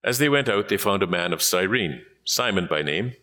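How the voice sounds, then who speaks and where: A man reading scripture aloud in a measured, solemn manner. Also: sits low, lively intonation, sharp tone. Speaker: scripture reader.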